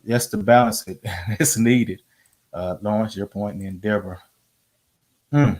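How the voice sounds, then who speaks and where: A man hosting a casual live-stream discussion, talking in halting bursts with frequent restarts and fillers. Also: on the low side, darkish tone. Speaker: stream host.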